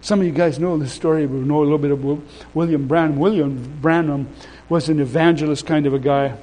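In this low-quality recording, a preacher with a somewhat high voice speaks a little quickly, his intonation fairly even. He's emphatic and repetitive, shifting from loud to soft, and drops casual remarks to his congregation.

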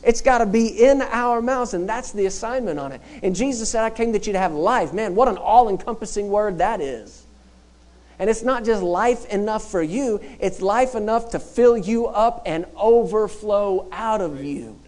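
A man's voice: high-pitched, animated, moderate pace. Emphatic male preacher. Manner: emphatic, repetitive call-and-response preaching that swells to shouts. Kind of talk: sermon. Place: church.

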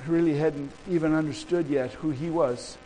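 A man's voice: a little high, steady tone, moderate pace, dark tone, a little hiss or hum, poor audio. A man preaching a sermon as pastor, with impassioned repeated declarations and a casual storytelling turn.

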